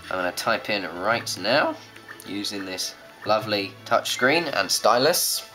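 A man's voice: lowish voice, animated, a little slow, sharp tone. Jokey young man narrating a game. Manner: jokey, sarcastic asides, puts on silly voices. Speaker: let's play host. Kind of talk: game commentary, reading dialogue aloud. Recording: faint game music behind.

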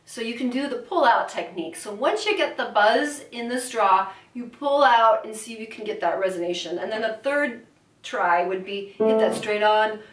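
This voice teacher, a woman, has a somewhat high, expressive voice and a moderate pace as she explains exercises in a vocal lesson, at times through a straw. The mic picks her up from afar in a roomy studio room.

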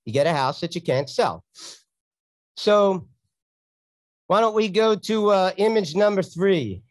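A man tells a story in a blunt, sarcastic teaching talk. His voice sits a touch high, and the sound is dry and close. He keeps it casual, as if walking people through slides. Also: animated, measured pace, dry recording. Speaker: real estate investor teaching from his deals.

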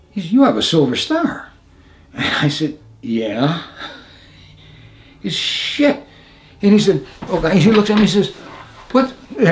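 Older man, veteran interviewee, lively pitch, slightly high voice, animated storytelling. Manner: animated, acts out others' lines, laughs often.

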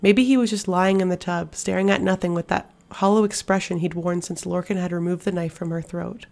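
A woman narrating a fantasy audiobook in a hushed, steady storytelling manner. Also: lowish voice, brisk, gravelly. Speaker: audiobook reader.

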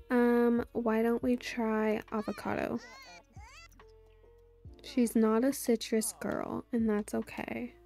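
Slow gushing gamer woman. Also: a little high, gravelly, soft background music. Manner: gushing, excitable, chatty. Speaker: gameplay YouTuber. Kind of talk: casual let's-play commentary.

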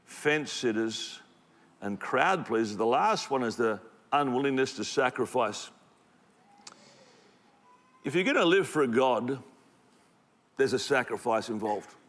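A man's voice: mid-range voice, animated, a little slow, long pauses, fairly bright tone. A man preaching a sermon in a church, in an emphatic, conversational way. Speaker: pastor. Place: church auditorium. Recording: echoey hall reverb.

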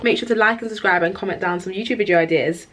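A young woman vlogging to camera in a chatty, excitable way, full of "like" fillers. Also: mid-range voice, fast, slight background noise, rough recording. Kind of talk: casual vlog chat to camera.

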